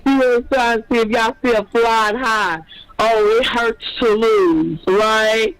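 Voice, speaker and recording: A man with a very high voice delivers a sports fan rant, mocking and needling the other side's supporters. He talks like a channel host with a petty, taunting edge. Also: steady tone, takes it slowly, music in the background, rough recording.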